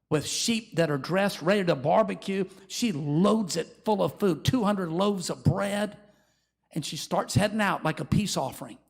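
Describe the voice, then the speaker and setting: With a high-pitched, creaky voice, this man delivers a sermon as a pastor. He brings Bible stories to life energetically, performing the voices of their characters.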